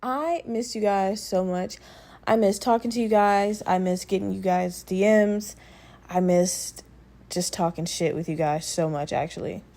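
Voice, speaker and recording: A woman talking straight to her listeners in a loose, rambling solo podcast, swearing freely and leaning on fillers. Her voice carries a slight roughness from a lingering respiratory infection, and her pitch sits in a middle range. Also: measured pace, warm tone. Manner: rambling, profane, conversational, with many fillers. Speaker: podcast host. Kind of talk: casual solo podcast chat.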